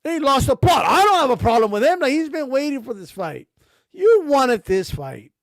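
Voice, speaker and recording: A man with a strikingly high voice, ranting sarcastically and swearing freely. He keeps firing rhetorical questions at his target, and the sound is close and bone-dry. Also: big pitch swings, moderate pace, no room sound. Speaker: boxing streamer. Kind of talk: heated rant.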